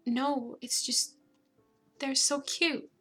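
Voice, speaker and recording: A woman's voice: on the high side, fairly even intonation, moderate pace, soft background music. A woman voicing a tender-hearted young heroine who gushes and squeals in a storybook reading. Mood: gushing. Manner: squealing, gushing.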